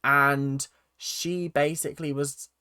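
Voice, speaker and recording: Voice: mid-range voice, flat delivery, slow pace, pushed and bright, smooth, no echo, studio quality. A speaker giving a casual, chatty recap of a reality TV episode and acting out quotes in silly voices. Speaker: reality TV reaction vlogger.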